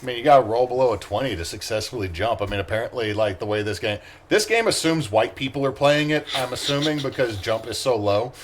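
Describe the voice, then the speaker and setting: A man's voice: mid-range voice, fast, hardly any pauses. A man running a tabletop game as its game master, laid-back and swearing freely. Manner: laid-back, swears freely, reads setup in a flat briefing tone.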